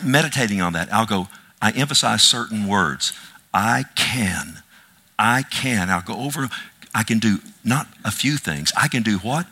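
A middle-aged male pastor delivering a sermon with a bright, forceful tone. He hammers key words again and again, then drops into joking asides to the congregation. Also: medium pitch. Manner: animated, repetitive emphasis with asides and self-deprecating humor.

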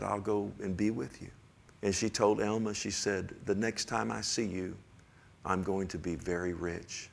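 An older man preaching a sermon in a folksy, rambling way, often asking the congregation "amen?" and swinging from hushed to loud and emphatic. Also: on the low side, vocal fry, breathy edge.

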